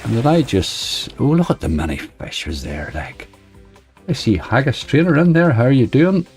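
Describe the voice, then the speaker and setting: A man's voice: medium pitch, very animated, moderate pace, a little mellow, slightly rough, soft background music. A man hosting a casual livestream, chatting loosely and reading out viewers' messages into a desk microphone. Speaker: slots livestreamer. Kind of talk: casual live-stream chat.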